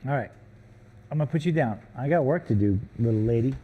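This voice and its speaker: A chatty man talks loosely on a live stream from a gallery workroom. He jokes freely, teases his puppy and answers viewers in an easy, offhand way. His voice sits at an ordinary middle pitch. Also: lively intonation, fast, breathy edge, dull audio. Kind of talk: casual live-stream chat.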